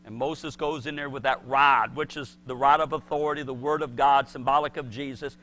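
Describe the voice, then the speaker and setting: A man's voice: mid-range voice, fairly even intonation, brisk, few pauses, fairly bright tone. A male pastor preaching a sermon, emphatic and repetitive, acting out the voices he quotes.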